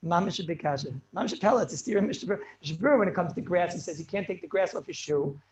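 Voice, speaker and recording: Rabbi lecturing students, high voice, rapid and stop-start, English laced with Hebrew and Yiddish terms. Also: male voice, slight background noise, rough recording. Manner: quick, halting delivery with many restarts. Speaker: rabbi teaching a class.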